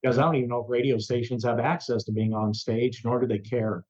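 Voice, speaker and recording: A man who is a rock radio personality, a guest in a remote interview, telling a story with lively energy and acting out the voices of the people he quotes. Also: medium pitch, quick pace, highs cut off. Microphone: remote interview over the internet.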